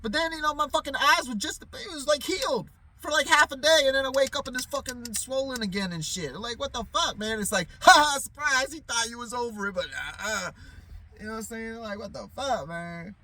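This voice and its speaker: A man's voice: extremely high pitch, brisk, pushed and bright, slight background noise. A man talking in a loose, profane, rambling vlog monologue, often stammering and restarting. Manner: profane, loose, repeats "you know what I'm saying"; loses his train of thought, stammers restarts. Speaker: vlogger.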